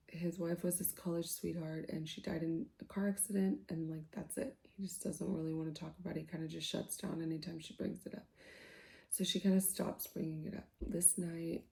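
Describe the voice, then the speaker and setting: A woman softly retelling a novel's plot for sleep, in a casual, chatty way full of fillers, sometimes dropping to a whisper. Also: on the low side, vocal fry. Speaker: book reviewer. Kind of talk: soft-spoken ASMR book recap.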